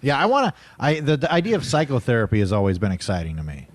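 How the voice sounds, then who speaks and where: A man's voice: medium pitch, quick pace. A man co-hosting a podcast, chatting casually with a sarcastic, joking manner. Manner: sarcastic, laughing, lively. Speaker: podcast co-host. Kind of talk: casual comedy chat.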